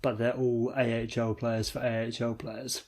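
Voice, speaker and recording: Husky British man ranting about trades. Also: mid-range voice, normal speed. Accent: British English. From England. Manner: animated, sweary storytelling with acted-out voices. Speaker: podcast co-host. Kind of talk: casual banter.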